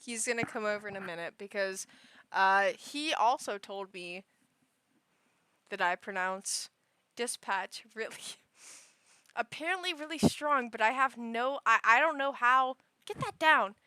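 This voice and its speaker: A woman's voice: on the high side, measured pace, pushed and bright, clear, resonant tone, dry recording. A young woman livestreaming, chatting casually in a rambling way, full of fillers and restarts. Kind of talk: casual chat.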